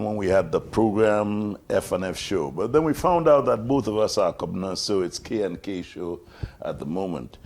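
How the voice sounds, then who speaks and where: Gravelly older male radio host. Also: fairly low pitch. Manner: relaxed joke-telling, acts out quoted voices. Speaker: radio talk show host. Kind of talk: casual storytelling chat.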